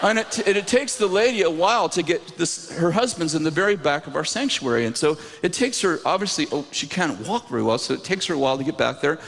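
A man preaching, telling a story in an animated, self-mocking way with lots of laughter, in a church sanctuary. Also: a little high, fast, creaky, few pauses. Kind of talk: sermon storytelling. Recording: reverberant hall with faint noise.

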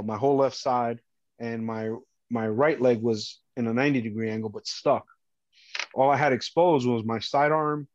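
A man, a former police officer and podcast guest, earnestly recounts a harrowing personal story, often halting and restarting. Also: medium pitch, no echo. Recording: dull lo-fi dry sound.

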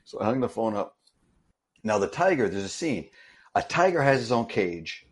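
A man telling a story in casual conversation, animated and full of restarts. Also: fairly low pitch, normal speed. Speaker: interview guest, stuntman.

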